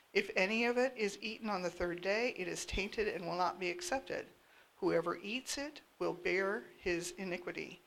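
A lower-voiced woman with a gravelly edge reads scripture aloud. Her delivery stays steady and plain, verse after verse. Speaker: scripture reader.

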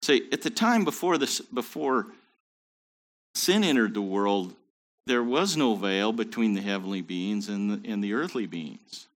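A man's voice: fairly low pitch, lively intonation, a little slow. A man teaching a Bible study in a conversational way, with joking asides.

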